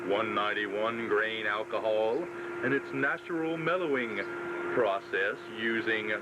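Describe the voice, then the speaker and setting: Deadpan man reading a mock ad. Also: lowish voice, a little slow. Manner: deadpan commercial read. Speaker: announcer. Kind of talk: mock radio ad. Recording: dull tape with loud hiss.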